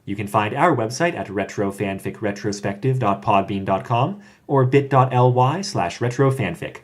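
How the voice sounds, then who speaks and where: Dry-humored male podcast host. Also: mid-range voice. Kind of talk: casual podcast chat.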